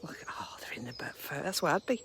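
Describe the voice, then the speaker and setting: A woman chatting casually on a live stream while walking her dogs in a park, cooing at them in a high baby voice. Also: sing-song, fast talker, a bit bright, whispered. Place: woodland park outdoors, early morning.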